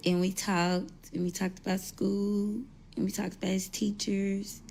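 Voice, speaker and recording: A woman speaking slowly and haltingly as she shares news about her son, holding back tears. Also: mid-range voice, little pitch movement, creaky, darkish tone, a little hiss or hum. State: tearful. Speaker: mother sharing news. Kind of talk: emotional personal account.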